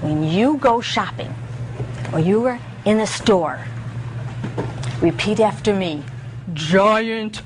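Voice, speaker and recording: A woman leading an interactive lesson for young children, with an animated sing-song teacher voice that swoops high when she praises them. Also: slow pace, pauses often, background noise. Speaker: visiting presenter teaching children. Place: school room with children.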